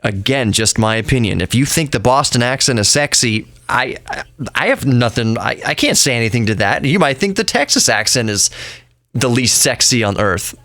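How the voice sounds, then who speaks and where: A man hosts a podcast in a casual, opinionated monologue. He rambles and breaks into his own sentences with chatty asides. His voice sits at an everyday middle pitch and sounds dry, with no room around it. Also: lively intonation, moderate pace, a bit bright, dry recording. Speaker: podcast host.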